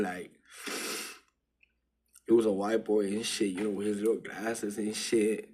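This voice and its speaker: A man casually telling a personal story in loose street slang, dropping to a hush and then rising with excitement. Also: on the low side, unhurried, long pauses, slightly rough. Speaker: vlogger. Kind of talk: casual spiritual storytelling monologue.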